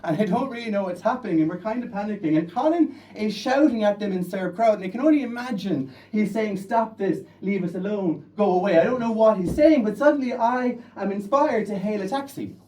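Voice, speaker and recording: A young Irish man with a Kerry accent tells a true comic story on stage in a lively, animated way. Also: high-pitched, a little fast, hardly any pauses, far from the mic, low-quality recording. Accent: Irish, County Kerry. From Ireland. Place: storytelling stage before an audience.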